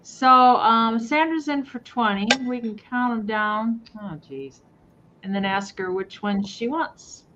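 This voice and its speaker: A woman's voice: a little high, slow, pushed and bright, lo-fi sound, slight background noise. A woman chatting casually as she sells items on a live stream from home, rambling with many fillers. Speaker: live sale seller. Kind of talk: casual live sale chat. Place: at home near the kitchen.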